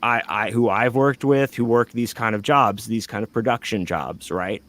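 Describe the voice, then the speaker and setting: A man's voice: lowish voice, moderate pace, a bit bright. A man telling a long anecdote on a podcast in casual, rambling talk, full of fillers and swearing. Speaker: podcast guest.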